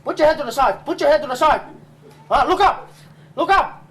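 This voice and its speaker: A man's voice: very high-pitched, expressive, fairly quick, a bit bright. A man playing a stern father and village chief, scolding his son and barking "huh?" over and over. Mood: hectoring. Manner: scolding, bullying, repeats "huh?" constantly. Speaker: comic stage actor. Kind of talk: live comedy skit.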